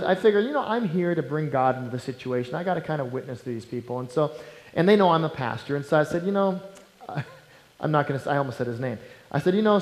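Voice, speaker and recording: A male pastor preaching a sermon, swinging between loud emphatic lines and hushed near-whispers. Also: a little high, long reverb tail, low-quality recording.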